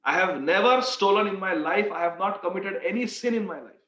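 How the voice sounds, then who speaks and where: A man's voice: high-pitched, brisk, sharp tone, roomy sound, distant mic, lo-fi sound. A man playing an earnest, sincere devotee. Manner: earnest, plain-spoken. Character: calm, sincere male devotee, former thief.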